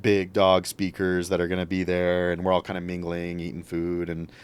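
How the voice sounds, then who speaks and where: A man's voice: sits low, normal speed, clean tone. A young man, a podcast guest, telling a story casually and acting out what others said. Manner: animated, acts out quotes.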